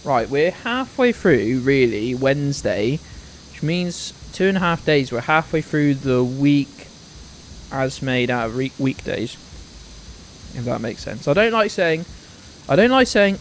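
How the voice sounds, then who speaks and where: A man's voice: mid-range voice, big pitch swings, measured pace, slight background noise. Chatty young man streaming a game. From United Kingdom. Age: 20s. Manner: rambling, chatty, greets viewers by name, swears casually. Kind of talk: casual live-stream chat.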